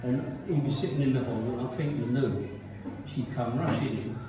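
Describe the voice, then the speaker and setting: Comedian in a roomy live venue. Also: male voice, mid-range voice, normal speed, background noise. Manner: punchy joke delivery, acts out characters. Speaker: stand-up comedian. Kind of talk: live stand-up set. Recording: roomy, distant, dull live recording.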